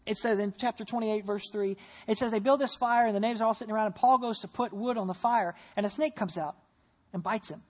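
A pastor preaching a sermon in a church, telling a story with lively rhetorical questions and dropping into soft, low tones for prayer. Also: quick pace.

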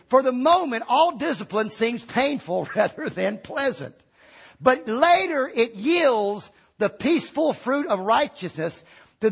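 Gravelly, high-pitched impassioned preacher man. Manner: impassioned preaching, swinging from shouts to hushed asides. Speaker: pastor. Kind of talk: sermon.

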